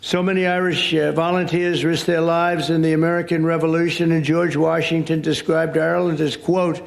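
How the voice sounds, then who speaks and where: A man with a slightly high, gravelly voice gives a rambling, off-the-cuff luncheon speech indoors. Between his prepared lines at the podium microphone, he slips in ad-libs and asides.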